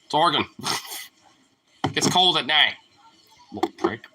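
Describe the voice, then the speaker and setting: A young man rambling casually to his dog at home, profane and teasing, jumping into a high squeaky voice to call the pet. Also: lively intonation, a little slow, pushed and bright. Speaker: vlogger talking to his dog. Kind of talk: casual chat.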